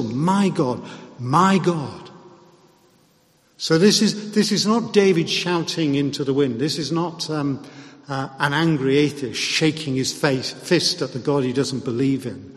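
Male preacher, unhurried, measured and earnest sermon delivery, long hall reverb. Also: mid-range voice.

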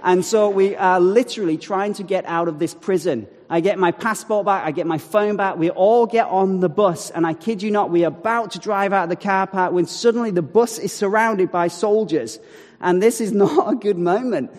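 A man with a somewhat high voice tells a personal faith story to an audience. He is animated and acts out quotes, with wry asides. His voice rings with the long reverb of a large hall. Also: normal speed. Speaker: speaker telling a testimony. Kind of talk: storytelling talk.

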